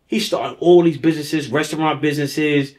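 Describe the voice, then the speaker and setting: A man guest telling a story on a talk show, animated and profane, who keeps checking in with "right?". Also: on the high side, moderate pace.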